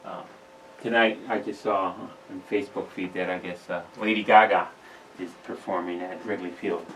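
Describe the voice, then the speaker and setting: This radio host, a man with a low, steady voice, conducts a casual interview in a studio, speaking haltingly and often stopping to start over. His mic sounds distant, with a faint hiss.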